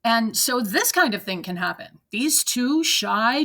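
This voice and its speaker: Blunt, bright-voiced Gen X woman. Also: fairly high pitch, expressive, unhurried. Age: 40s to 50s. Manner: blunt, profane, laughing rants. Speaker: reaction video host. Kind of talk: reading and reacting to online posts. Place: at a desk at home.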